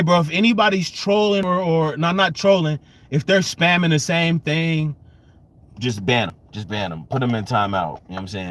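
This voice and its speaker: A man hosting a live-streamed sports fan rant, exasperated and repetitive, swinging between loud outbursts and low muttering. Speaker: sports fan channel host.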